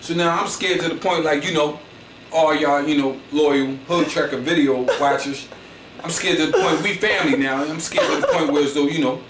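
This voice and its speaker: A man's voice: on the high side, steady tone, normal speed. Slangy man, echoey and distant. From Philadelphia. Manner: slangy, boastful, rambling with constant "you know what I'm saying". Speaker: comedian. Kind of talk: comedic storytelling monologue. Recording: echoey, distant mic with faint noise.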